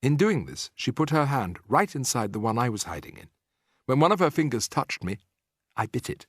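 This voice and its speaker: Man, audiobook narrator, expressive storytelling, husky, very lively pitch. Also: moderate pace, no room sound, clean studio sound. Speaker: audiobook reader.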